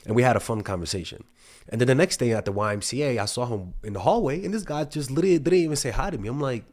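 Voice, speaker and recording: A man's voice: mid-range voice, expressive, fast talker, a little mellow. A young man talking as a dating coach in a casual, rambling monologue, swearing freely and restarting his sentences often. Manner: rambling, profane, many restarts.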